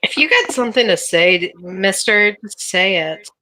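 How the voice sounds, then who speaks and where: A woman's voice: medium pitch, expressive, normal speed, bright, forceful tone, no room sound, poor audio. A woman playing a tabletop role-playing game, speaking bluntly and directly in character. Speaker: tabletop role-play player.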